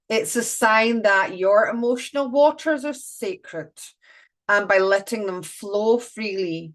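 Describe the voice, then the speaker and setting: A woman's voice: mid-range voice, a bit bright. A woman doing a live oracle card reading, chatty and playful, breaking off to greet viewers.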